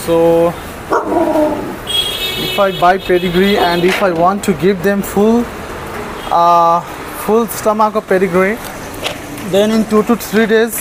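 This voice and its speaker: Man, high voice, coos pet names at dogs, noisy outdoor street recording. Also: steady tone, slow pace, long pauses. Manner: coaxing, affectionate baby talk, frequent laughs. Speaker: vlogger feeding stray dogs. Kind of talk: casual vlog talk to dogs. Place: outdoors, terrace and stairs in a city.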